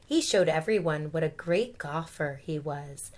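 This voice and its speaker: A teacher with a somewhat low voice shares a picture book with young children, reading gently and without rushing. She stops frequently to explain vocabulary and put questions to her audience.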